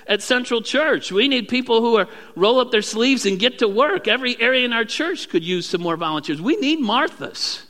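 A male pastor preaching a sermon, acting out prayers in a raised, animated voice. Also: high voice, in a large hall.

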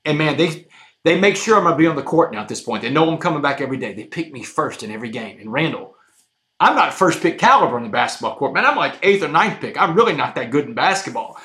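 Man telling a story in a roomy room. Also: mid-range voice. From Texas, USA. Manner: animated, addresses the host often, says "man" a lot. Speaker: guest. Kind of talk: dramatic personal storytelling. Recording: roomy echo.

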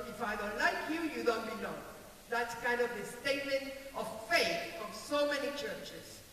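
An older woman with a non-native English accent preaches in an emphatic, bright voice, repeating key phrases. She is heard from a distance in an echoey church hall with a long reverb and a faint hiss behind her. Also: mid-range voice. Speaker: pastor. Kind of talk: sermon. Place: church sanctuary.

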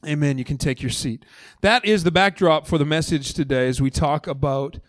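Animated man preaching a sermon. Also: a little high, moderate pace, no room sound. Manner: conversational and animated, acting out voices of the story. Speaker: lead pastor. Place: church auditorium stage.

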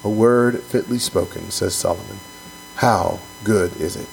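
A man's voice: low voice, a little slow, gravelly, darkish tone, faint music behind, rough recording. A man who is a pastor co-hosting a podcast, reading from a book and then talking it over in an earnest, emphatic way, often restarting and repeating words.

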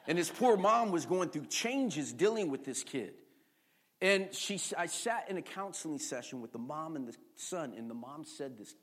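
A middle-aged male pastor preaching a sermon, swinging from shouting to near-quiet storytelling and calling on the congregation with questions. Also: medium pitch.

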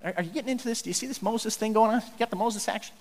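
High-voiced animated pastor in a hall. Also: male voice, racing, a little hiss or hum. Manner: animated storytelling, acts out quotes, jokey asides. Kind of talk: sermon.

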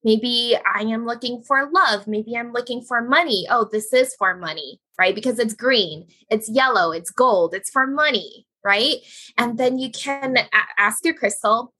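A woman guest talking about crystals in an animated, giggly, enthusiastic way. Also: a little high, normal speed. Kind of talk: casual chat.

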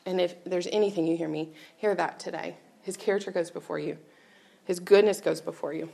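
A woman tells a personal faith story to a church crowd from the stage. Her voice has a gravelly, fry-laden edge, and she keeps it candid and chatty, often slipping into laughter. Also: lowish voice, fairly even intonation, fairly quick, dark tone. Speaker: speaker at a church gathering. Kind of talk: personal testimony talk.

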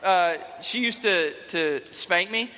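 A man's voice: high voice, slow pace, pushed and bright. A young man giving a playful, chatty youth talk to a live audience in a large hall. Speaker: youth speaker.

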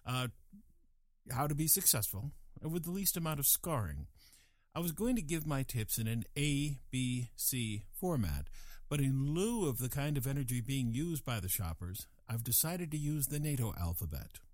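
A man's voice: mid-range voice, lively intonation, moderate pace, darkish tone, no echo. An older man delivering a scripted comic monologue with a dry, wry manner, slipping into playful voices. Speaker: comedic host.

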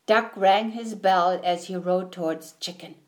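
A woman reading a picture book aloud in an expressive, sing-song storytelling manner. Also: fairly low pitch, measured pace. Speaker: storybook reader.

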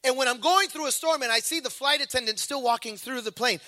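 Preacher, male, high and bright, animated storyteller who acts out voices, dry close sound. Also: brisk, few pauses, no echo. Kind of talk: sermon.

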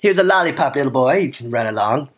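A woman's voice: very deep voice, animated, fast talker. A woman playing a smug male farmer who sells to visitors in a hammy, sly way, in a comedy improv sketch. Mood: salesy. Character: smug male farmer brother, showy fake humility.

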